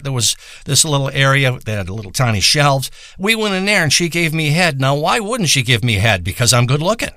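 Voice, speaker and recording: A man rants through a crude comedic monologue, boastful and profane. His voice is bright and pushed, a bit above the usual male pitch, and the sound is dry and close. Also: no echo. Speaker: comedic performer.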